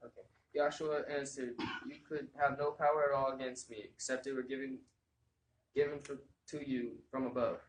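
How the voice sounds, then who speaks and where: A man's voice: mid-range voice, little pitch movement, normal speed. Man reading scripture in an echoey room. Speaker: scripture reader at a gathering. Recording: echoey room with faint noise.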